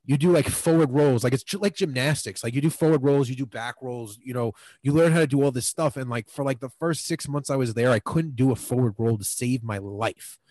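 A man's voice: medium pitch, a little fast, hardly any pauses, a little mellow, dry recording, rough recording. A man in his twenties telling stories as a podcast guest, rambling with lots of fillers. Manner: rambling, filler-heavy, lots of "like" and "you know". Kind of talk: casual storytelling.

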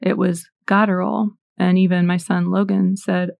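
Woman in her forties for a faith talk: earnest storytelling with scripture readings, lowish voice, dry and close. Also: level tone, moderate pace, creaky, no room sound, highs cut off. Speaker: Catholic speaker. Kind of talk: faith talk with personal stories.

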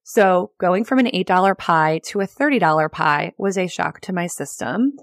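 A woman's voice: fairly low pitch, normal speed, dry recording, clean studio sound. A woman hosting a solo podcast, teaching in a chatty, upbeat way with frequent laughs and filler words. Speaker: podcast host and real estate agent.

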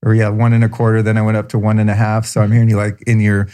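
Low, warm-voiced podcast host man. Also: completely flat delivery, very fast. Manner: enthusiastic, effusive praise with fillers. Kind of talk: podcast intro and casual interview chat.

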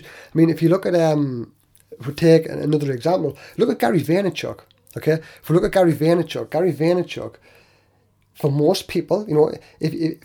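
A man with a slightly high, husky voice hosts a solo motivational podcast. His tone is warm and mellow, and he talks earnestly into the mic, often repeating himself or restarting a sentence before pushing on. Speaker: podcast host.

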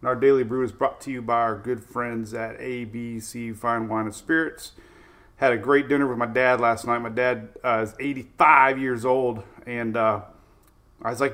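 Give me a chatty middle-aged man hosting a live weather show, greeting fans warmly. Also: medium pitch, fairly even intonation, moderate pace. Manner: chatty, upbeat, reads viewer greetings. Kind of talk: live-streamed casual weather talk.

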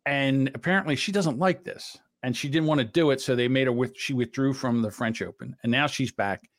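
A man's voice: mid-range voice, a little fast. Blunt rambling man hosting a podcast. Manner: rambling, blunt, swears freely. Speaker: podcast host. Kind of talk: casual chat.

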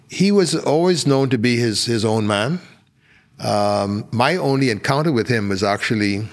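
An older man from the Bahamas with a Bahamian accent, telling anecdotes as a podcast guest, full of fillers and restarts. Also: on the low side. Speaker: guest, former politician. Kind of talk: podcast interview storytelling.

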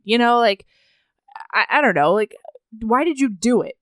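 A woman's voice: fairly high pitch, moderate pace, pauses often, dry recording, clean studio sound. A young woman co-hosting a casual chat, giggling and acting out dialogue while reading book passages aloud. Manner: giggly, animated, acts out dialogue. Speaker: podcast co-host.

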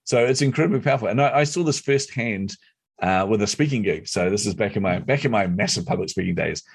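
A middle-aged man telling a personal story as an interview guest, animated and competitive. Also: lowish voice, fast, slightly rough. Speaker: guest, speaker and entrepreneur.

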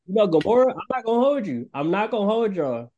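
Animated joking male podcast host. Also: high voice, fast talker, highs cut off. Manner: joking, animated, laughs often. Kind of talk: casual chat.

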